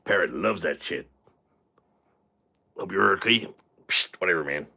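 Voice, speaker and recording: A man's voice: low-pitched, unhurried, gravelly, pushed and bright, exaggerated voice. A man playing a crude, boastful character on a live stream, talking rowdily and sounding tipsy from shots. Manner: crude, rowdy, swaggering banter. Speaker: livestream host.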